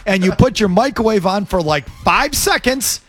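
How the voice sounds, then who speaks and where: A man's voice: high-pitched, expressive, moderate pace, a bit bright. Chatty opinionated man on talk radio. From USA. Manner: opinionated, chatty, many restarts. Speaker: radio show panelist. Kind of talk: casual radio chat.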